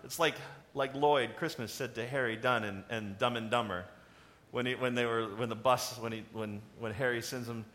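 A man preaching a sermon in a conversational, animated way, asking the congregation questions. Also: medium pitch, normal speed. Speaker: pastor.

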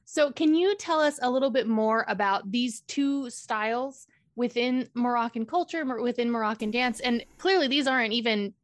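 A woman's voice: a little high, normal speed. A woman hosting an interview, friendly and careful with her pronunciation. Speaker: interviewer host. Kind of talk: casual interview chat.

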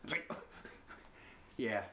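A man's voice: extremely slow, reverberant. A man co-hosting a casual chat, joking and cutting in with quips. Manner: joking, jumps into loud mock voices. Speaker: podcast co-host.

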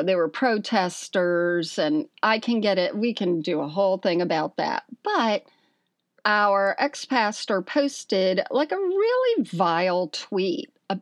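A woman of middle pitch chatting on a podcast, spinning a long anecdote with sarcastic asides and bursts of laughter. She talks slowly, and her voice sits close and dry with no room sound. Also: no echo. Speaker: podcast co-host. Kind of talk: casual chat.

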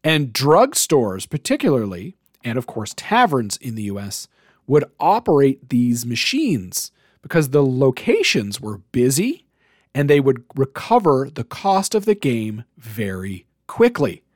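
A man's voice: medium pitch, huge pitch swings, unhurried, a little mellow, no echo, studio quality. A man co-hosting a podcast, chatting casually and enthusiastically, with lots of fillers. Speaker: podcast co-host. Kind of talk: casual chat.

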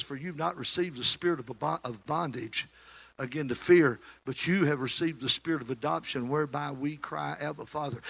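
Male preacher, high and bright. Alternates shouting with quiet storytelling. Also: creaky. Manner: swings between shouting and quiet, conversational storytelling. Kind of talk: sermon.

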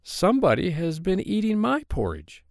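Storybook mama bear, raised pitch, a man voicing it. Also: wildly swooping pitch, moderate pace, gravelly, dry recording, studio quality, heavily acted. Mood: puzzled. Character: middle-sized mama bear.

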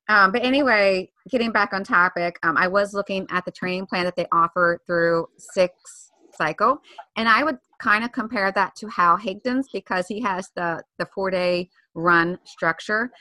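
A woman with a Maryland accent talks casually as a podcast co-host. Her tone is bright and forward, and the sound is dry and close. She rambles cheerfully from topic to topic and apologizes for it often. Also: mid-range voice, normal speed, no room sound. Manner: chatty, hops between topics, apologizes often. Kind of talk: casual chat.

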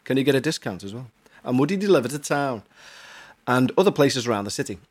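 A man's voice: mid-range voice, animated, quick pace. A man from Huyton, co-hosting a podcast and reading listener emails aloud in a chatty, jokey way with self-mocking asides. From Huyton, Merseyside, England.

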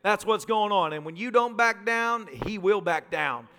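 A male pastor preaching a sermon, telling vivid personal stories in quick, emphatic phrases. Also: high voice, expressive, pushed and bright, clean tone. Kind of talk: sermon storytelling.

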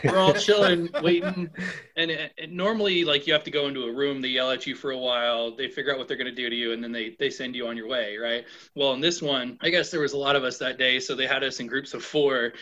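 A middle-aged man telling a story as a guest in a casual chat, animated and acting out the voices of the people he quotes. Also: mid-range voice, fast talker. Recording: dull lo-fi sound.

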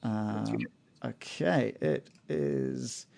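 Gravelly-voiced man running a tabletop game. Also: medium pitch, drawn-out words. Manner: relaxed, hesitant with many fillers. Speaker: game master.

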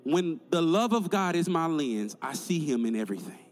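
A man's voice: fairly high pitch, sing-song, normal speed, big-room sound, soft background music. A male pastor preaching a sermon in an emphatic, conversational way, building points through repetition.

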